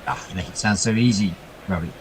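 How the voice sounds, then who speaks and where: Low-voiced chatty male cricket commentator. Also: brisk, a little hiss or hum, low-quality recording. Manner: chatty, excitable over boundaries. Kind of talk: ball-by-ball radio commentary.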